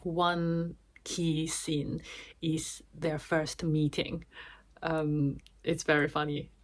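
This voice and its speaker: A woman vlogger giving a chatty, casual summary of a book, with restarts and small laughs. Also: low voice.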